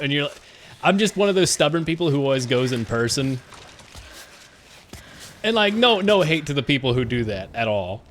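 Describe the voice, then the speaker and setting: A man's voice: a little high, animated, a little fast, fairly bright tone, a little hiss or hum. A man in his twenties chatting casually and joking with viewers while he plays a game live. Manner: rambling, jokey, talks to chat while playing. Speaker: streamer.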